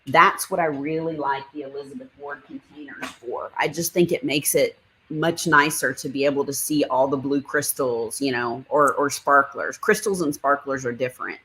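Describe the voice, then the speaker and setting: A woman hosts a casual livestream, chatting and greeting viewers by name as she reads their comments. Her voice rumbles low with a fairly bright tone and a normal pace, and the recording is rough.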